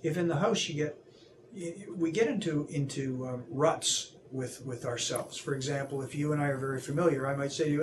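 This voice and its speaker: A man, an anti-bullying seminar speaker, being interviewed; he talks in an animated way, acts out the voices he quotes, and often restarts his sentences. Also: a little high, a little fast, noisy background.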